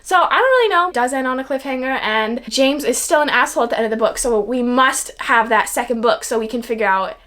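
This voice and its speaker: A young woman with a bright, high voice talks through her favourite reads in a casual vlog. She gushes freely, fills her sentences with "like" and drops an occasional curse. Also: animated, fast, hardly any pauses. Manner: chatty, gushing, peppered with "like" and swearing. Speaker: book reviewer. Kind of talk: casual book review vlog.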